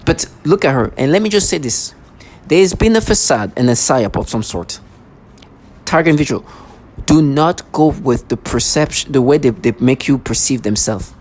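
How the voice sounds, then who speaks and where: A woman's voice: very deep voice, animated, moderate pace, a little mellow. Woman vlogger, heated rant to camera, sarcastic asides, lots of stumbles and restarts. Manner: agitated, repetitive, stumbling restarts. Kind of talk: ranting monologue to camera.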